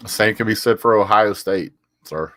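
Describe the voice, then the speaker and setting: Deep-voiced man answering chat, stammering. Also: moderate pace, sharp tone, no echo, studio quality. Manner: stammers and repeats words; reads viewer comments aloud and answers them. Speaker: sports vlogger reading live chat. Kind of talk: casual live-stream banter.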